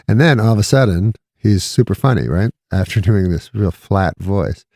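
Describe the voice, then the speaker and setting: A middle-aged man telling a rambling, deadpan comedy anecdote in casual chat, chuckling between lines. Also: on the low side, normal speed, dry recording, studio quality. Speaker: comedian guest.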